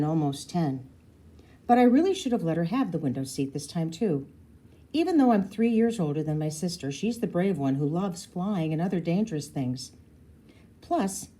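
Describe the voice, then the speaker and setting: A woman's voice: on the low side, mellow. A woman reading a children's novel aloud, stopping now and then to explain words to young listeners. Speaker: storybook reader.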